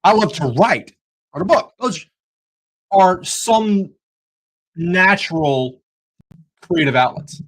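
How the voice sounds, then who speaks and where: Husky man hosting a Bible study stream. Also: sits high, lively intonation, takes it slowly, pauses often, rough recording. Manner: earnest, preacherly, jokey asides. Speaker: podcast host. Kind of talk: livestreamed Bible study talk.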